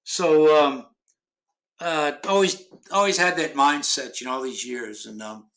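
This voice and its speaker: A man's voice: fairly high pitch, steady tone, a little slow, fairly bright tone. A middle-aged man from Ohio in casual chat, rambling with many restarts and fillers and casual swearing. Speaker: podcast host.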